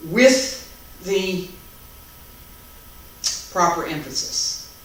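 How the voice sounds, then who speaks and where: A man teaching a taiji class online, calmly calling out each movement, breath and count step by step. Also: sits high. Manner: calm, unhurried step-by-step cueing and counting. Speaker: taiji instructor. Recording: very echoey room, mic far off, faint background noise.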